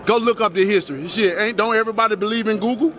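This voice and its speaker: A man putting on the voice of a brash, impatient street guy who swears and talks loud and fast. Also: sits high, crowd noise, voice pushed up, close to an everyday voice. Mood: pushy.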